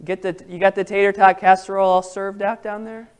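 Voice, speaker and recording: A man's voice: sits high, little pitch movement, a little fast, smooth. A man leading an interactive Bible study, talking casually and asking the group questions. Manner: conversational, asks the group questions.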